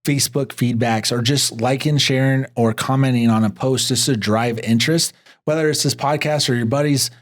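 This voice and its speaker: A man co-hosting a podcast in casual chat, telling stories in an animated way and jumping high in pitch when he quotes others. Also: moderate pace. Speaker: podcast co-host.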